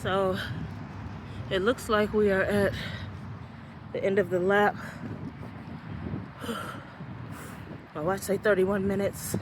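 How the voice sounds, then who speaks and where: Her mid-range voice stays level as she speaks slowly, pausing often, with background noise around her. She's in her forties and vlogging on a walking trail after a walk, winded but chatty and upbeat, greeting viewers as friends and y'all.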